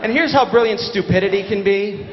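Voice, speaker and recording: Sardonic New stand-up, echoey hall. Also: male voice, sits high, fairly quick, background noise. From New York. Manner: sardonic, deadpan storytelling. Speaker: stand-up comedian. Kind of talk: stand-up comedy set. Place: large theater stage. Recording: echoey theater hall, dull lo-fi.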